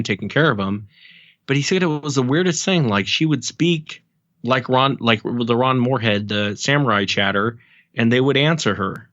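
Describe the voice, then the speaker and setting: A man's voice: mid-range voice, fairly bright tone, dry recording, muffled recording. A man as a podcast guest, telling stories in a rambling casual way with many ums and restarts. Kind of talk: casual storytelling.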